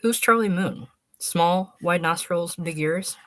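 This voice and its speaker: A woman's voice: lowish voice, takes it slowly, no room sound. A woman reading aloud, voicing a flippant young woman who teases and drawls. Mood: playful. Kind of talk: audiobook reading.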